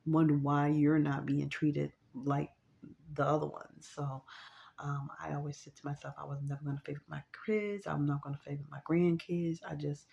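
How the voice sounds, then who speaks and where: A woman's voice: low voice, gravelly, mellow, highs cut off. A woman, a grandmother, telling a family story in a rambling, casual way with lots of fillers and restarts. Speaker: vlogger.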